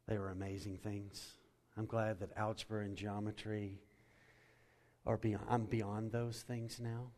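Man, pastor, sermon, soaring then hushed delivery, long hall reverb. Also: lowish voice. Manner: preaching with wide swings from loud and soaring to hushed.

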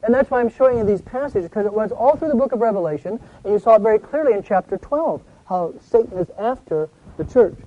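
An older man teaching a Bible class in a folksy way, asking the group questions and answering them himself, and reading scripture aloud slowly and with emphasis. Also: high voice, expressive, narrow, tinny audio. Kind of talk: conversational Bible study teaching.

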